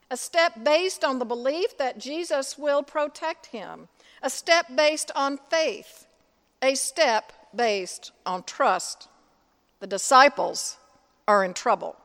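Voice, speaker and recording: Woman priest, sermon delivery, deliberate pauses, long church reverb. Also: high-pitched, a bit bright. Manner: slow, deliberate preaching with dramatic pauses.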